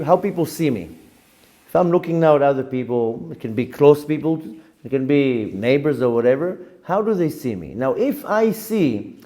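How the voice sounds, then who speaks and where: A middle-aged rabbi giving a candid, self-questioning spoken lesson, now and then jumping high on a repeated question. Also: male voice, dark tone.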